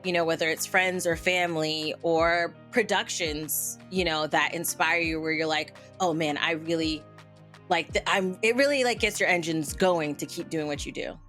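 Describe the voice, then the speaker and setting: A woman's voice: low voice, fairly even intonation, normal speed, a bit bright, soft background music. A woman hosting a podcast, asking questions in a chatty, gushing way with many fillers. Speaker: podcast host. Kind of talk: casual podcast interview.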